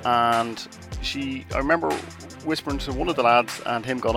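A man's voice: medium pitch, steady tone, fairly quick, creaky, music in the background. A middle-aged man hosting a podcast, telling a story in a chatty, self-mocking way. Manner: chatty and self-mocking, with restarts and acted asides. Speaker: podcast host.

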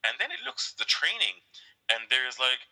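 Male podcast co-host, very bright tone, animated storyteller. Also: medium pitch, moderate pace, poor audio. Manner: animated, laughing, acts out quoted characters. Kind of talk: casual chat.

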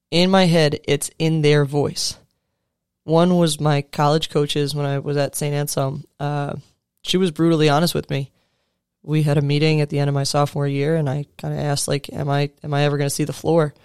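A man's voice: on the high side, smooth, no echo, clean studio sound. A man in his thirties, a coach talking to other coaches in an earnest, conversational way, with casual fillers and restarts. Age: 30s. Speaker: sports coach speaking to fellow coaches. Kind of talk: motivational talk.

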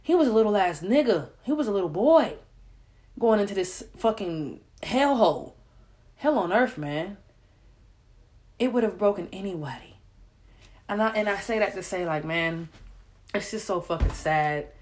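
A woman's voice: medium pitch, animated, normal speed, pauses often, a little mellow. A woman giving a casual, heated rant about a documentary she watched, swearing often and repeating herself for emphasis. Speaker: commentator reacting to a documentary.

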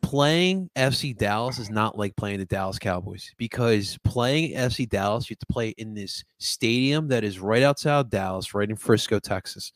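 A man hosting a casual sports talk show, chatting in a loose, animated, slangy way. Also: on the low side, moderate pace, few pauses, no echo.

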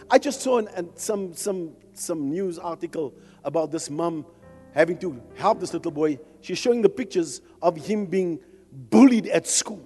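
A man preaching a fervent sermon at a men's conference, impassioned and rising to shouts, teasing the crowd between points. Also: fairly high pitch, lively intonation, normal speed. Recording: long hall reverb with music behind.

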